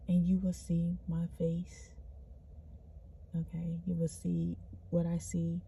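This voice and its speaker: A woman's voice: on the low side, monotone, takes it slowly, creaky, long pauses, warm tone, breathy edge. A woman vlogging an earnest, spiritual pep talk, repeating herself and calling the listener honey. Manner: spontaneous, loose restarts. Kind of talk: spiritual motivational monologue.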